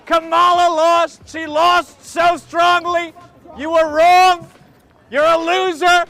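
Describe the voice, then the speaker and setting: A loud, bragging older politician voiced by an impersonator taunts and repeats his insults over and over. The voice sits very high and sounds sharp and bright. It is recorded outdoors on a city street. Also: little pitch movement, takes it slowly, exaggerated voice. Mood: mocking. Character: brash boastful older male politician.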